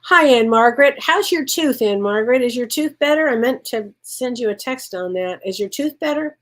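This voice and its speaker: On a live stream, a spiritual medium with a fairly high female voice takes viewer questions at normal speed, sounding animated. She gushes warmly, laughs a lot, and keeps calling people honey.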